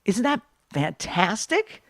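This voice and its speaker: A middle-aged woman comedian in casual podcast chat, brash and profane, telling stories with lively quoted voices. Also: a little high, slow pace, no echo, studio quality.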